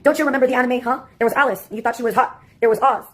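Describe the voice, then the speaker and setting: Fast-talking husky sarcastic woman. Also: a little high, steady tone. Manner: sarcastic, rambling, jumps between topics. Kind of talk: rambling comic monologue.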